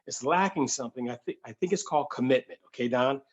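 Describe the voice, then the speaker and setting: A man playing a pushy middle-aged restaurant manager who coaxes and insists in a lower, softer voice. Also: fast, lightly acted. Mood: coaxing.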